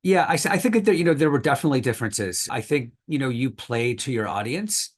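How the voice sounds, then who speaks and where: A man at an even, mid-range pitch explains history as a podcast guest. He talks thoughtfully and hedges often, with plenty of fillers. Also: fast talker. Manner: thoughtful, hedging, many fillers. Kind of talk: podcast interview.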